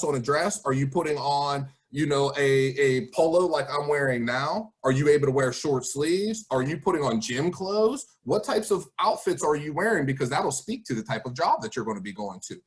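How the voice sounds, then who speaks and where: A man with a somewhat high voice gives an online presentation to students, speaking over a video call. He encourages them with rhetorical questions as he walks through his advice. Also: animated, normal speed, few pauses. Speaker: college guest speaker.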